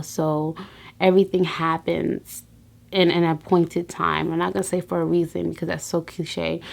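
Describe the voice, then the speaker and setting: Gravelly-voiced woman vlogging with earnest faith. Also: lowish voice, darkish tone. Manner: earnest, faith-filled encouragement with frequent restarts. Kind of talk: personal vlog talk.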